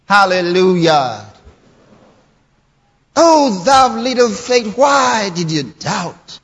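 With a slow, sing-song delivery and a slightly rough, high-sitting voice, a man preaches repetitively from scripture, reading lines aloud and driving them home until he's shouting. The dull lo-fi recording carries a long hall reverb.

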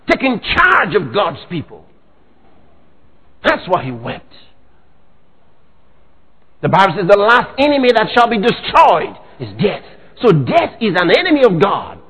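A man preaching a sermon, dramatic, bursting into sudden shouts. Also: high-pitched, husky, in a large hall, rough recording.

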